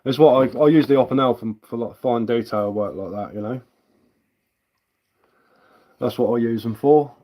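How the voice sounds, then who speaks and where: A man's voice: medium pitch, normal speed, pauses often, warm tone. A man chatting casually on a live stream as a woodcarver, easygoing and answering viewer comments.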